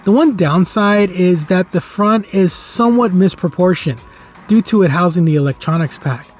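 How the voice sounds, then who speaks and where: A man's voice: high-pitched, normal speed, faint music behind. A middle-aged man hosting a toy review channel, narrating from a script in an enthusiastic, nostalgic, earnest way.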